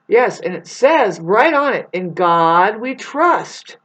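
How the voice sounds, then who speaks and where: A woman's voice: mid-range voice, big pitch swings, slow pace, hardly any pauses, husky. Rambling woman on a lo-fi recording. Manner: rambling, profane, swings from soft to loud. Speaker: vlogger. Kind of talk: rambling spiritual monologue.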